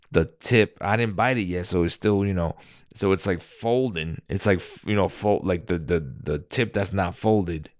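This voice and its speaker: New man, deep, dry close recording, rambling casual storyteller who swears. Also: no room sound. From New York. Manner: rambling, animated, swears freely.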